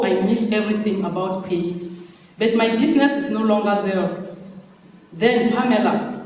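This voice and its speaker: A man's voice: sits high, darkish tone, recorded from a distance, close to an everyday voice. A man reading aloud as a broke, homesick young male migrant who talks earnestly about his struggle, in an echoey hall. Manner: earnest, self-urging.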